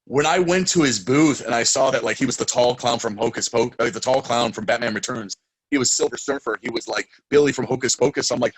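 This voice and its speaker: A young man, a guest in a casual interview, telling stories excitedly and acting out quotes loudly. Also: mid-range voice, quick pace, slightly rough, dry recording, rough recording.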